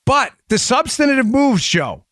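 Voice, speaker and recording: A man hosting a talk show, speaking rapidly and emphatically and addressing listeners directly on a close studio mic. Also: extremely high pitch, big pitch swings, fairly bright tone, no room sound. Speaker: show host. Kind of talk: opinion talk show monologue.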